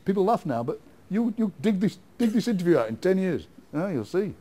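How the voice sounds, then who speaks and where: A middle-aged Yorkshire man talks at an easy, rambling pace in a relaxed interview. His tone is mellow and dark, and he laughs readily as he spins playful ideas. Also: high-pitched, brisk. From England. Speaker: guest poet. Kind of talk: casual interview chat.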